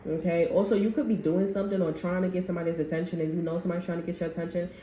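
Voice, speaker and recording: A woman's voice: fairly low pitch, steady tone, rapid-fire, dark tone. A woman giving a casual tarot reading, rambling in loose slang and acting out what people say. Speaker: tarot reader. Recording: echoey room with faint background noise.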